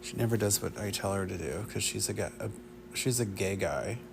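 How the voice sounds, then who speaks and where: A man's voice: low voice, lively intonation, moderate pace, creaky, slight background noise. A man hosting a casual solo podcast, rambling and swearing with self-mocking asides. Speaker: podcast host. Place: living room.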